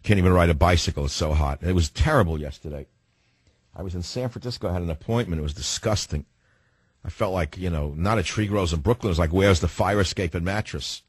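A man's voice: sits low, fast, breathy edge, no room sound. A man hosting a talk radio show, sarcastic and wisecracking, from New York. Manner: sardonic, wisecracking.

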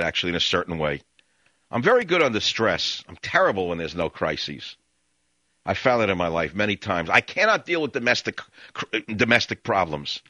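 Older opinionated talk radio host. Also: male voice, fairly low pitch, sharp tone, no echo, lo-fi sound. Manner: rambling, opinionated, sarcastic.

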